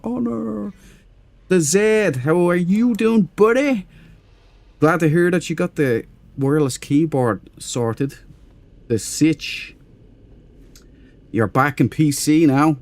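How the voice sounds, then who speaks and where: A man's voice: mid-range voice, darkish tone, dry recording. A man hosting a casual game stream, chatty and self-mocking, greeting viewers in chat by name. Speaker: gaming livestream host.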